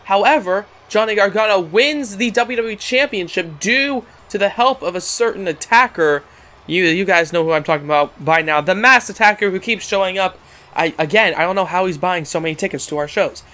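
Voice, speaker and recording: A man doing casual play-by-play commentary over a wrestling video game, excitable and often stumbling and repeating words. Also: high-pitched, brisk.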